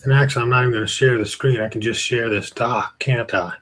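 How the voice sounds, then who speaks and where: A man's voice: medium pitch, steady tone, fast talker, a bit bright. Chatty, yawning man hosting a webinar. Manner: chatty, rambling, greets viewers by name. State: tired, yawning. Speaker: online course host. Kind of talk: casual live webinar talk. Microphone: webcam with screen beside it.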